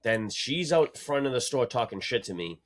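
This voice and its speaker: A man's voice: medium pitch, lively intonation, normal speed. A man co-hosting a casual podcast, telling long rambling stories full of slang. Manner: rambling, slangy storytelling with "dude". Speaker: podcast co-host. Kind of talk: casual chat.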